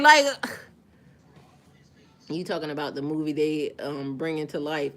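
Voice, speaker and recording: Bright-voiced woman ranting on a live stream. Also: sits low, slow pace, pauses often. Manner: animated, profane, slangy, talks straight to viewers. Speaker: spiritual vlogger live-streaming. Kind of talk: casual live-stream chat.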